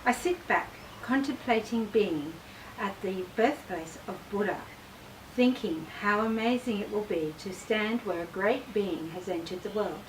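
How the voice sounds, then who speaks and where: Woman reading from a distance. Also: mid-range voice. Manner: measured, expressive storytelling. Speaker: author. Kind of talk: reading aloud from her own memoir. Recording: distant mic with faint background noise.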